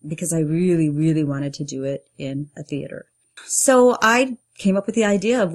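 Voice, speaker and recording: A middle-aged woman, a playwright and performer, telling her own story in an earnest way and getting lively when she acts out what people said. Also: on the low side, normal speed. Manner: earnest, animated when acting out quotes. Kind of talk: personal storytelling interview.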